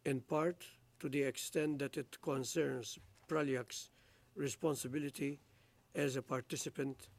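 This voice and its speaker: Male judge, formal judgment reading, slow pace, gravelly texture. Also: mid-range voice. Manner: slow, measured legal recitation. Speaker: presiding judge.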